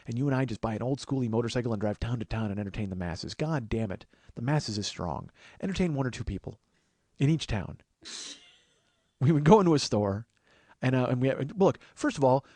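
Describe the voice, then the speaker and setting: A man hosting a podcast, riffing in casual comedic banter, profane and building to loud enthusiasm. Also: medium pitch, no echo. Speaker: podcast host.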